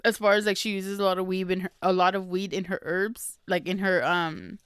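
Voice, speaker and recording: A woman's voice: fairly low pitch, fairly even intonation, fairly quick, clear, resonant tone, dry recording. A woman hosting a podcast, chatting casually and laughing often as she recaps a book. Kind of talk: casual chat.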